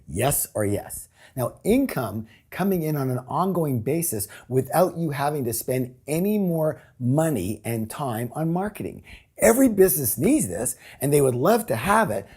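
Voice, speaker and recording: A man giving a high-energy sales pitch as a seminar trainer, emphatic and repetitive, leading the audience in call-and-response. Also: mellow, breathy edge.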